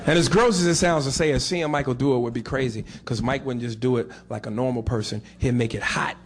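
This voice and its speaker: A man's voice: medium pitch, fast, a crowd in the background, background noise. A male comedian doing a blunt, crude stand-up routine.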